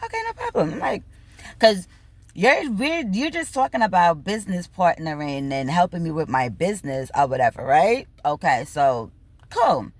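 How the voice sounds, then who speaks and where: A woman telling a story in a casual rant, animated and bubbly, swearing freely and acting out both sides of conversations, laughing now and then. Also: fairly low pitch, normal speed, no room sound. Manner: bubbly, laughs between lines. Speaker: vlogger.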